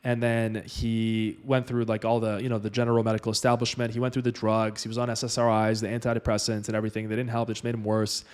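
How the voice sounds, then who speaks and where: A man's voice: on the low side, completely flat delivery, fast, few pauses, a little mellow, smooth. A man vlogging, retelling a personal story in loose, casual speech full of "like" and "you know".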